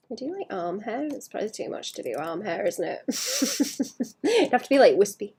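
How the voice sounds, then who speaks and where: A woman's voice: medium pitch, a little mellow, husky. A woman streaming a digital painting session, chatting casually and muttering to herself as she works, often trailing off mid-thought. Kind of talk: casual chat while drawing.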